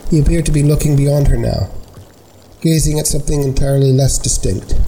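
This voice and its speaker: A man narrating a scripted story in a measured, unhurried way. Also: mid-range voice, dark tone, a little hiss or hum, rough recording.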